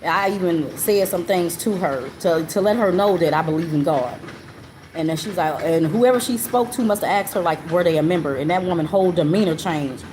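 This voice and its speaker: A woman's voice: lowish voice, a little fast, darkish tone. A woman telling a personal story in a casual way, earnest and repetitive, often checking in with the listener. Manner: earnest and repetitive, often asks the listener "you know what I'm saying?". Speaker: live stream host. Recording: noticeable background noise.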